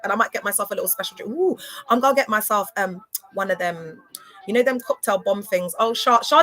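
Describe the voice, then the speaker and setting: A woman's voice: medium pitch, expressive, fast, pushed and bright. A woman talking casually to viewers on a livestream, sassy and emphatic, often stammering and repeating words. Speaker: live streamer.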